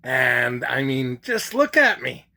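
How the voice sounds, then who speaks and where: An older man telling a comic yarn, animated and laughing at his own jokes. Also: mid-range voice, slow, vocal fry. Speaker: storyteller. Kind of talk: comic storytelling. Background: faint guitar music.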